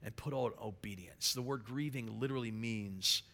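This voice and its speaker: A middle-aged man preaching a sermon, moving from quiet storytelling to loud, emphatic preaching. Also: mid-range voice, normal speed. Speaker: pastor. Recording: long hall reverb.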